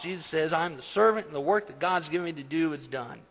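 Preacher guy giving a sermon, goes big and loud then quiet, echoey church hall sound. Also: on the high side. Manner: swells loud for emphasis, then drops soft and slow. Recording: long hall reverb.

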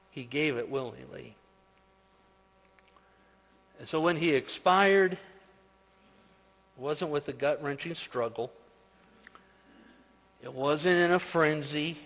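Preacher guy giving a sermon, goes big and loud then quiet, echoey church hall sound. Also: medium pitch. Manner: swells loud for emphasis, then drops soft and slow. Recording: long hall reverb.

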